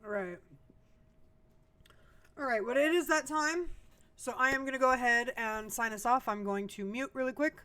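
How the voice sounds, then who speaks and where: A woman's voice: fairly high pitch, normal speed, pauses often, bright, forceful tone. A woman hosting a podcast on a live stream, chatting and teasing in an upbeat way as she signs off the show. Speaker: podcast host. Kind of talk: live stream sign-off chat.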